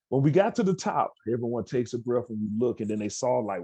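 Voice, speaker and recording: Guy on a video call telling students a story, mellow husky voice, dry sound. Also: medium pitch, lively intonation, fast, few pauses, no room sound. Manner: storytelling, acts out quoted dialogue. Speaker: keynote speaker. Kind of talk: motivational talk to students over video call. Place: indoors at an outdoor education center.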